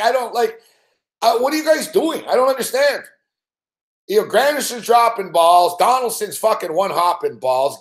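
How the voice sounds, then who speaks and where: High-voiced, cursing sports host. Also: male voice, roomy sound. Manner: swears constantly, rants in frustrated outbursts. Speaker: sports betting show host. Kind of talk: profane live-stream rant.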